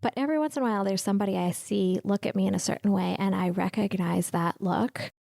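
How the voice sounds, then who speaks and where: Speaking quickly in a mid-range, creaky voice with a dark tone, a woman in her thirties shares a heartfelt personal reflection on her podcast. She's candid and emotional, at times tearful, and there's no echo.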